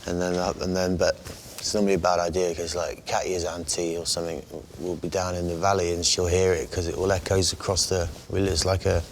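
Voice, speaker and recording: A man, a guest songwriter talking in a casual interview, meandering and halting as he thinks aloud. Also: deep voice, flat delivery, a little hiss or hum.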